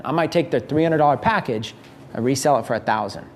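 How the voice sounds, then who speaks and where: A man giving a live seminar talk, energetic and conversational, acting out what his listeners might think. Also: mid-range voice, fast. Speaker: business speaker teaching a mastermind.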